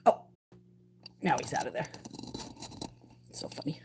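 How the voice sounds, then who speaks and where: A middle-aged woman hosting a casual livestream from outdoors on a wooded ridge, chatting with viewers and her pets, sometimes dropping into soft whispers. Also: unhurried. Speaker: livestream host. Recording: noisy outdoor recording.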